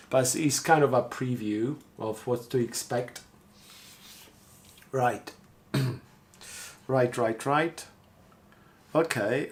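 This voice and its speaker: A man talking casually on a live stream, thinking aloud and rambling as he repeats himself. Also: medium pitch. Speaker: street artist streaming live.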